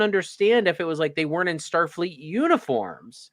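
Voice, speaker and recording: A man's voice: on the high side, big pitch swings, moderate pace, hardly any pauses. A man in a casual review chat, stammering and repeating words as he vents his frustration.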